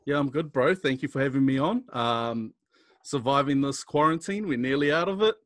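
A man's voice: mid-range voice, normal speed, no room sound. A young man with a New Zealand accent, chatting as a podcast guest and telling stories with lots of laughter. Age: young adult. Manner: animated, laughing storyteller. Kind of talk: casual chat.

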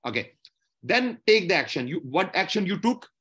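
A man lectures on medical exam steps, his fairly high voice rising and falling a lot. He sounds a bit husky and keeps repeating points and asking "okay?" to check understanding. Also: very animated, moderate pace, fairly bright tone. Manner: repetitive, explanatory, frequent "okay?" checks.

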